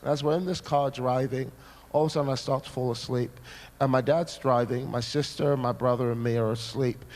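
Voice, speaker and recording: A man preaching a sermon, telling a personal story with dramatic, animated delivery. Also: mid-range voice, brisk.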